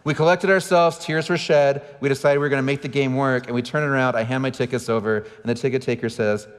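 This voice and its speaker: A pastor, preaching a sermon and telling stories about himself with self-deprecating humor, picked up by a stage microphone in a large church auditorium. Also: male voice, medium pitch, fairly even intonation, quick pace, smooth. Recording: church livestream with long hall reverb.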